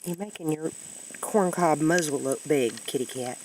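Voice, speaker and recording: A woman talking baby talk to a kitten outdoors, cooing in a sing-song voice that jumps high, recorded on a handheld camera. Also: normal speed, a little mellow, slight background noise, poor audio. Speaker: pet owner talking to a kitten. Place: outdoors near woods.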